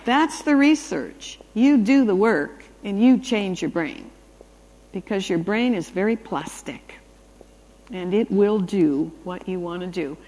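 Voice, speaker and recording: A woman giving an anecdotal talk on brain research, telling stories with animated delivery and acting out the dialogue. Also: medium pitch, takes it slowly, big-room sound, rough recording.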